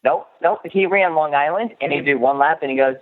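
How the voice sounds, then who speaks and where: A man's voice: fairly high pitch, a little fast. A man calling into a podcast, chatting casually and giving blunt, emphatic opinions. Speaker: caller. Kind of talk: casual call-in chat. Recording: tinny phone line.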